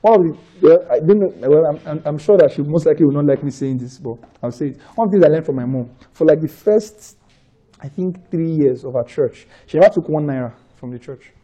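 A man's voice: fairly high pitch, brisk, slightly rough, muffled recording. A man with a Nigerian accent preaching a conversational sermon, repeating phrases for emphasis and often checking that listeners are following. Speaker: pastor.

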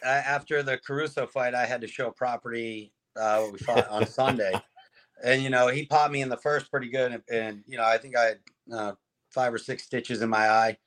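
A man at a middle pitch, chatting easily as a podcast guest. His speech is loose and full of fillers, with a relaxed and friendly flow. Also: a little fast. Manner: easygoing, filler-heavy. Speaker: guest, fighter and realtor. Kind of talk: casual interview chat.

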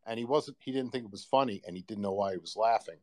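A man's voice: fairly low pitch, fast talker, a little mellow. A man on a podcast, telling a personal story in a loose, rambling way with plenty of fillers. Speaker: guest sharing a personal story. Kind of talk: casual podcast conversation.

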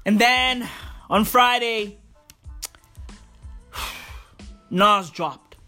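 A woman's voice: medium pitch, very slow, sharp tone. A woman ranting through music commentary, profane and repetitive, calling everyone bro.

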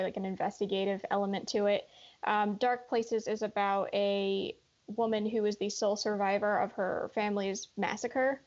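A woman's voice: medium pitch, a little mellow. Chatty woman co-hosting a podcast. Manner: chatty, many fillers. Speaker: podcast co-host. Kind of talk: casual chat. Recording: dull lo-fi audio.

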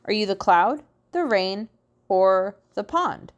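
A woman's voice: mid-range voice, animated, takes it slowly, lo-fi sound. A woman voicing a curious young schoolboy who keeps asking puzzled questions in a storybook reading.

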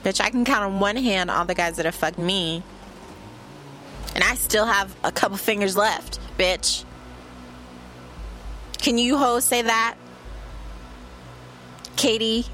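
Woman, brash casual monologue, boastful trash talk, mid-pitched voice, faint background hiss. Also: slow pace, pauses often, sharp tone. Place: in her room.

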